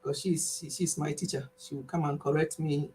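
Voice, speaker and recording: A woman's voice: sits low, moderate pace, slight background noise, poor audio. A woman from Nigeria with a Nigerian accent, whose first language is Igbo, hosting a casual health channel live stream, telling stories animatedly with frequent laughter. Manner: animated storytelling, laughs often, mixes in Igbo words.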